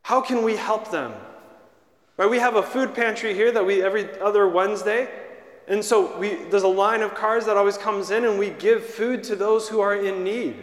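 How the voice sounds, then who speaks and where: A man's voice: high-pitched, fairly even intonation, normal speed. Young male priest, chatty storytelling homily, lingering church echo. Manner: storytelling, conversational. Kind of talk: homily to children. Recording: echoey church, long reverb.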